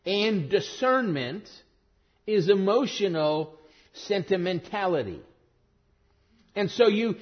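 A male pastor preaching a sermon, with a husky, high voice that swings widely in pitch. He repeats key phrases for emphasis. The recording sounds dull and lo-fi.

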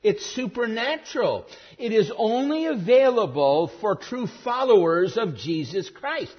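Husky, animated preacher man. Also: sits high, a little slow, highs cut off. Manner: emphatic, repeats key phrases. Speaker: pastor. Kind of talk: sermon.

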